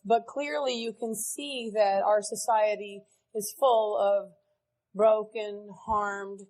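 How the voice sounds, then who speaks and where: A woman's voice: mid-range voice, steady tone, takes it slowly, a little mellow, poor audio. Earnest woman speaking at a recovery meeting. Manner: earnest, candid, blunt. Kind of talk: recovery speech to a live audience. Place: large meeting hall with audience.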